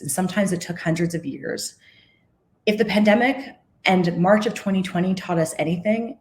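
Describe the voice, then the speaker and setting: A woman's voice: on the low side, a little mellow. Earnest woman giving an impassioned keynote. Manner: earnest, impassioned, with self-corrections. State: emotional, near tears. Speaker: keynote speaker. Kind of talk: conference keynote.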